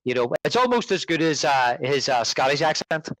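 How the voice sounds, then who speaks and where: A man's voice: on the high side, very animated, normal speed, crowd noise, low-quality recording. A man, co-hosting a film podcast in casual chat, rambling and restarting as he recalls names. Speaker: podcast co-host.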